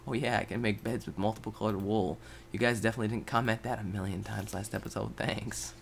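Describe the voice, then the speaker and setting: Young guy doing game commentary, lowish voice, mumbles and whispers then yells and swears at the game. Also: steady tone, fast talker, creaky, few pauses, slight background noise. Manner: erratic, swings from mutters and whispers to yelling; swears freely, talks to viewers. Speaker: gaming video host. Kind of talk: casual gameplay commentary.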